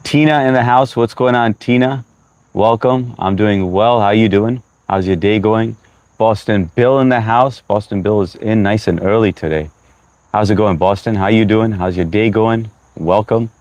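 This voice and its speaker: A young American man hosts a casual livestream, greeting viewers by name and slipping Hindi phrases into his talk. His voice is fairly low and darkish, his pace moderate, and he sounds short on sleep; there's no room sound.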